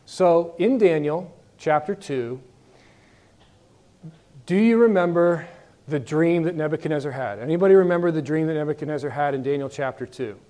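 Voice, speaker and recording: Male Bible teacher, slightly higher voice, conversational, questions the class. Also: normal speed, mellow.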